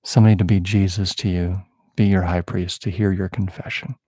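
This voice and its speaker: A man's voice: low-pitched, level tone, brisk, warm tone, husky, no room sound, clean studio sound. A man hosting a spiritual podcast, improvising a prophetic prayer over a listener in a playful, affectionate and rambling way that mocks himself.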